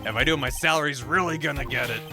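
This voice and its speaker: A man voicing a gruff, scruffy, broke male police detective who calls people pal, over game music. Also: medium pitch, fast talker, close to an everyday voice. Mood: grumbling.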